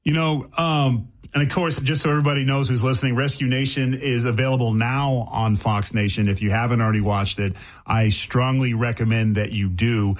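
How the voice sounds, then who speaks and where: A man's voice: mid-range voice, fairly even intonation, fairly quick. A man hosting a casual interview, asking questions with playful, joking banter. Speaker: host.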